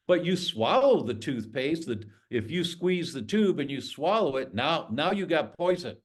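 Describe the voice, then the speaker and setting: A man's voice: on the high side, sing-song, normal speed, few pauses. A middle-aged man, a doctor guest on a podcast, talking in an emphatic, storytelling way. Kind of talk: podcast interview.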